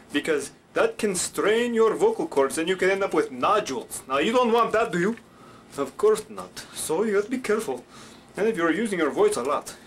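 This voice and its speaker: A man's voice: on the high side, slight background noise. A man teaching puppet voices in a rambling, playful way. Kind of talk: instructional puppet show.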